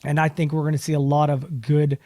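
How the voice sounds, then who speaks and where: A man's voice: on the high side, flat delivery, a little fast, a little mellow, no echo, studio quality. A man co-hosting a podcast in casual chat, telling stories animatedly and laughing often. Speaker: podcast co-host.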